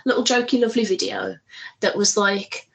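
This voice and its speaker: A woman co-hosting a casual podcast chat, excitable, laughing often and swearing freely. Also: mid-range voice, moderate pace, vocal fry. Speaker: podcast co-host.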